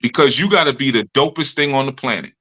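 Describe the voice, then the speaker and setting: Bright-voiced man giving a streetwise lecture. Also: fast talker. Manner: streetwise, joking, acts out followers' complaints in higher voice. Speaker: spiritual leader of a study group. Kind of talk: live study session talk.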